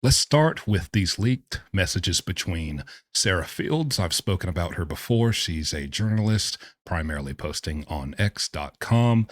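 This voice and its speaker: Deep-voiced sarcastic male commentator. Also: expressive, a little slow, hardly any pauses, dry recording, studio quality. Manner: sarcastic, exasperated, scoffing laughs. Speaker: true-crime commentary host. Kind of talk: casual commentary.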